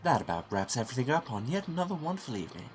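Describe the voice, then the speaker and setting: A man's voice: medium pitch, sing-song, racing, faint music behind, pitched above the performer's own voice, natural voice. A man voicing a formal male awards show presenter in a game, in announcing style.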